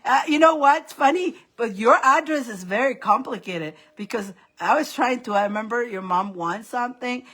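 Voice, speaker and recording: A middle-aged woman hosts a casual live reading stream, her voice sitting a little high. She rambles from one thought to the next and breaks into giggles often. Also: normal speed, hardly any pauses, fairly bright tone. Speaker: psychic reader and live host.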